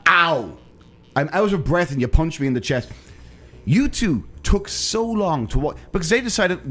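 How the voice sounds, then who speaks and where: Man, podcast co-host, lively swooping pitch, slightly high voice, exaggerated storytelling, faint music underneath. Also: normal speed. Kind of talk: casual comedic chat.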